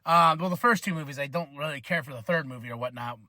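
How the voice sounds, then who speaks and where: A man's voice: a little high, fast, bright, forceful tone, dry recording, clean studio sound. A man in his thirties hosting a podcast, ranting casually and swearing, acting out quoted voices. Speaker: podcast host. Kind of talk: casual rant.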